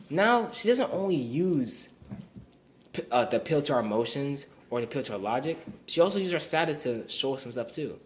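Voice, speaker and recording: A young man giving a recorded class presentation, earnest and explanatory, often restarting and repeating words. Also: mid-range voice. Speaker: student presenter.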